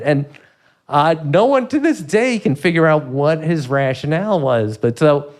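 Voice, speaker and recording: A man in his sixties, a comedy writer telling stories in an interview, animated and laughing often as he acts out quotes. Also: a little high, moderate pace. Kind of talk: storytelling in a podcast interview.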